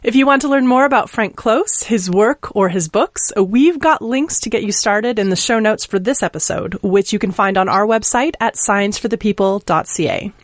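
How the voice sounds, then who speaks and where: Woman podcast host, measured, mid pitch, super dry close mic. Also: no echo. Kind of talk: interview hosting.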